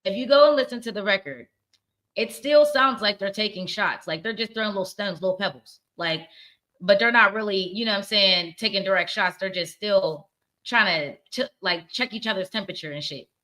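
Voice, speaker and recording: Candid, opinionated woman host, bright voice. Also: mid-range voice, a little fast. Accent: mixed Virginia and northern US. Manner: candid, opinionated, cursing freely. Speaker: podcast host. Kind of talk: casual pop culture commentary.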